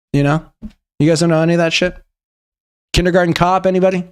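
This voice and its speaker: A young man streaming, chatting casually and joking as he reviews memes in quick rambling asides. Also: a little high, steady tone, a little mellow, clean tone. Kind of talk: casual chat.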